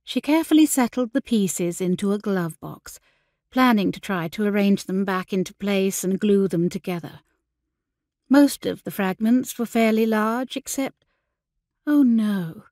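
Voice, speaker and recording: A woman narrates a period audiobook, reading her script with measured, expressive storytelling. Her voice is mid-range, and the clean studio recording carries no room sound.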